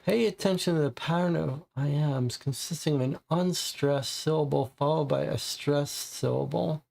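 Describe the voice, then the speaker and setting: A man's voice: on the high side, moderate pace, gravelly, a little mellow. A man playing a co-op mystery game, casually talking through the clues and sounding puzzled and frustrated. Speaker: co-op game player. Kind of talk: casual live-play chat.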